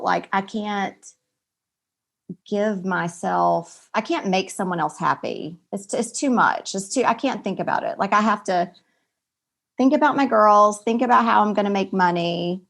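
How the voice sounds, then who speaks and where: Woman in her 40s on a podcast, chatty, acts out convos big and loud. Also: mid-range voice, measured pace, creaky. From American South. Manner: animated storyteller, acts out family dialogue loudly. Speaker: podcast guest. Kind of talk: casual chat.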